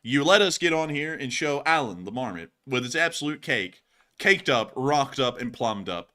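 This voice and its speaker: Animated male streamer, bright voice, swings his pitch a lot. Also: moderate pace. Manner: animated, bursts into loud goofy shouts and laughs. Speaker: livestream host. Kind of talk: casual livestream chat reading donations.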